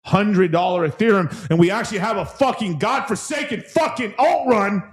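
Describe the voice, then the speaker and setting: Profane, excitable young man hosting a stream. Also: high voice, normal speed, slightly rough. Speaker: crypto stream host. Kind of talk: casual livestream chat.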